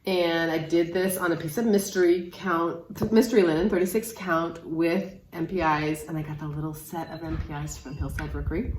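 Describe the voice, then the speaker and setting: A woman's voice: lowish voice, fairly even intonation, normal speed, few pauses, echoey room, slight background noise. A woman co-hosting a crafting vlog, chatting casually with her sister in a musing way, often trailing off and restarting. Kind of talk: casual chat between sisters.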